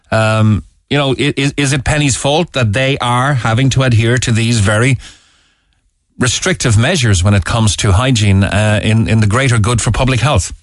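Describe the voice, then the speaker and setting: An Irish radio host with a lowish voice, recorded dry and close in the studio. He speaks in a measured, hesitant way, pausing with ums as he leads the phone-in. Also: no echo. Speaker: radio presenter. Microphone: studio mic.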